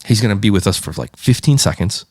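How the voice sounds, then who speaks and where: A man's voice: fairly low pitch, fast talker, no room sound, studio quality. A man from Pittsburgh in the United States, a podcast guest, telling a story in a casual way, acting out the people he quotes and swearing freely. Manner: animated, acts out quoted voices, swears freely.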